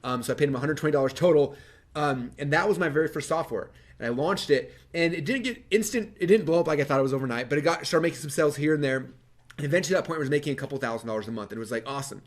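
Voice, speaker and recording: A fast-talking man with a fairly high voice tells his story from a stage. He is animated, acts out his past self in quick quoted lines and laughs often. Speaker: speaker. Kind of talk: energetic stage talk.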